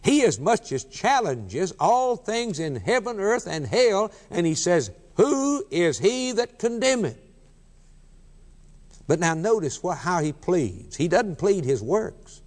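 A man's voice: high voice, very animated, measured pace, hardly any pauses, a little mellow. A man preaching a sermon with emphatic, repeated refrains. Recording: long hall reverb.

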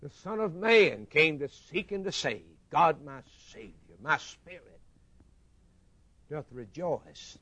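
A man preaching a sermon in a slightly high voice. He swells into loud, rising lines and then drops to a hushed low tone. The sound is dry and close, with no room around it. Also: sing-song, unhurried, few pauses, dry recording.

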